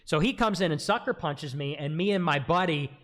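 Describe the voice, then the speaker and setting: A man casually telling a story on a livestream, animated, acting out quotes in a raised voice. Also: a little high, brisk. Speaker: livestream guest.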